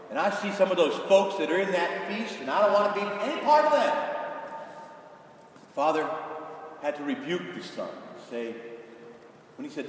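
A man preaching a sermon, his slightly high voice pleading and emphatic as he acts out the voices in his story. He sounds far from the microphone, with long reverb rolling through a large church and a faint hiss underneath. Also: animated, moderate pace, long pauses. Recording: echoey hall from far off.

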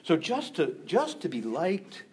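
A male preacher delivering a sermon in an animated way, acting out quick voices of people he describes. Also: sits high, slight background noise. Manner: animated, acts out gossiping voices.

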